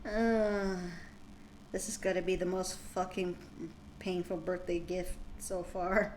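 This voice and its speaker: A woman's voice: lowish voice, little pitch movement, slow pace, darkish tone, a little hiss or hum. A woman streamer chatting to her viewers in a dramatic, exasperated way, swearing often. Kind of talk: live stream chat while reading fan fiction.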